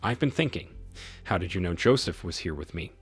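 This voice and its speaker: A man's voice: deep voice, animated, brisk, husky, no room sound, exaggerated voice. A man voicing a distraught, slightly drunk wife who mumbles and pleads in a quivering voice, over faint music. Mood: pleading.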